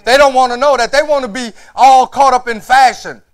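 High-pitched preacher man in a church, gets loud n shouty, keeps tossing "huh?" at the crowd. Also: fairly even intonation, brisk. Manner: preaching with rising shouts and call-outs of "Huh?". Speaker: pastor. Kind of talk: sermon.

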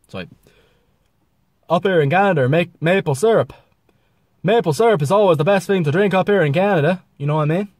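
A man's voice: on the high side, sing-song, rapid-fire, no echo, studio quality. A man putting on a chummy, folksy mock-Canadian character. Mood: cheery. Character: cheery mock-Canadian backwoodsman.

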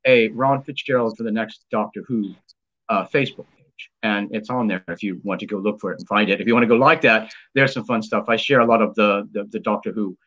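A man's voice: fairly low pitch, steady tone, brisk, fairly bright tone, muffled recording. A man hosting a live stream, chatting casually and enthusiastically, rambling with many fillers and restarts. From United States.

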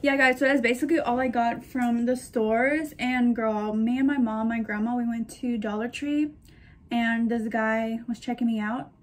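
A woman's voice: a little high, steady tone, moderate pace. A woman in her twenties chatting casually as a shopping vlogger, gushing and telling stories. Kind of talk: casual chat to camera.

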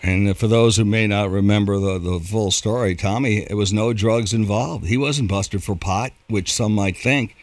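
A man's voice: on the low side, fairly even intonation, normal speed, few pauses, dry recording. Radio host man, dry close sound. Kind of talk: radio interview.

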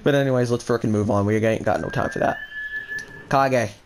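Excitable young man trash-talking a game. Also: mid-range voice, fairly quick, background noise. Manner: excitable, trash-talking, swaps in mild stand-in swears. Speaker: gaming channel host. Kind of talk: casual gameplay commentary.

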